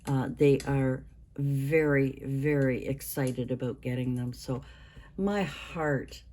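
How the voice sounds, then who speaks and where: A woman in her sixties hosting a craft vlog, talking in a rambling, halting way with many restarts. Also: extremely low pitch, fairly even intonation, warm tone. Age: 60s. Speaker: craft channel host. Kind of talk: casual show-and-tell vlog.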